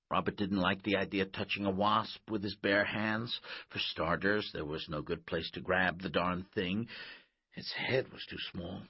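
A man narrating an audiobook in a measured, expressive way, in a slightly muffled recording. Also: sits low, breathy edge, no room sound.

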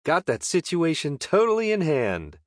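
A man's voice: a little high, wildly swooping pitch, moderate pace, dry recording, pitched above the performer's own voice. A man putting on a mocking young woman archer. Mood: teasing. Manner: mocking, dry teasing.

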